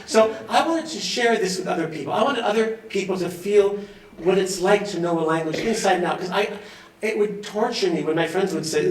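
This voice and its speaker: A high-pitched man talks with bubbly enthusiasm at an event, breaking into laughter now and then. His voice rings through a big echoey hall and comes from some distance, away from the mic. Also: fairly quick. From Los Angeles. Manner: enthusiastic and chatty, often laughing. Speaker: award recipient giving an acceptance speech. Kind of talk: off-the-cuff acceptance speech.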